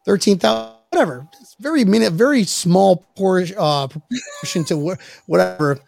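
A man's voice: high-pitched, huge pitch swings, moderate pace, gravelly, a little mellow, no echo. A man hosting a podcast, telling a rambling story with plenty of swearing and restarts after he has been drinking. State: tipsy from drinking. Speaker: podcast host. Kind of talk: casual chat.

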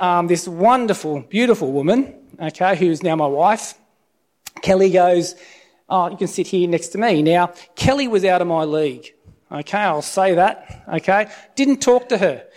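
Middle-aged male preacher, slightly raised voice, casual testimony sermon, checks in with "okay?". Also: sits high. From Australia. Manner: conversational, tags lines with "okay?". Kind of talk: informal sermon with personal testimony.

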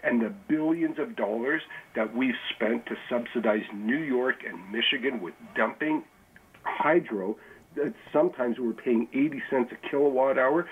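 A man's voice: medium pitch, moderate pace, slightly rough. A man calling in to a radio talk show, indignant and emphatic. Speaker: caller. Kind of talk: call-in radio. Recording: phone line with faint hiss.

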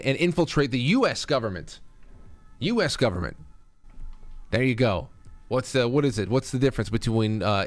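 Man, host, angry sarcastic political rant, insulting tone, mid pitch, faint background music. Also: dry recording. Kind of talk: ranting political commentary.

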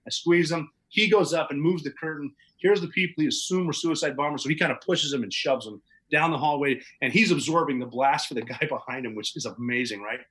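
Bright-voiced man telling a story. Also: fairly high pitch, fairly quick, hardly any pauses, low-quality recording. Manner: vivid, matter-of-fact recounting with occasional chuckles. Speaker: podcast guest. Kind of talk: casual spoken storytelling.

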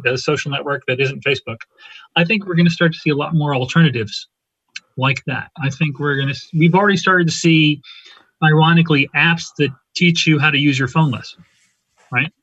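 A man's voice: a little high, fairly bright tone, breathy edge, dry recording, dull audio. A man speaking as a guest commentator on a radio talk show, thoughtful and hedging.

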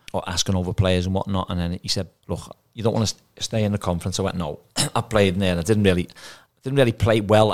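A man, a former footballer turned manager, telling career stories in a casual podcast chat and acting out the dialogue. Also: fairly low pitch. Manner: chatty anecdotes, acts out quoted dialogue.

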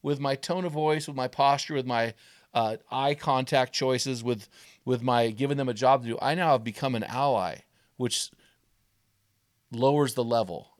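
A man's voice: medium pitch, moderate pace, no echo, clean studio sound. A man hosting a podcast interview, thinking aloud and rephrasing his guest's points in his own words. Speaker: podcast host.

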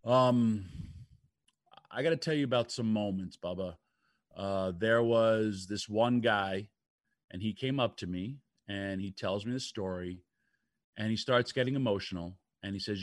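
An older man spins loose, meandering stories on a talk show, with plenty of "you know" and "like" along the way. His voice sits at a middle pitch. The sound is dry and close, with no room around it. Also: measured pace, dry recording. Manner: rambling storyteller, lots of fillers. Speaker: wrestling radio co-host. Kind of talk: casual radio talk.

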